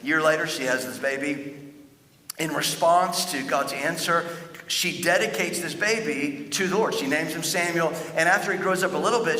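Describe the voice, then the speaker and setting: A male pastor preaches in a relaxed storytelling manner, repeating and restarting his words as he goes. His voice is fairly high and bright, carried by the long reverb of a big church auditorium. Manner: conversational storytelling with frequent stuttered restarts. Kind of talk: sermon. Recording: echoey hall with long reverb.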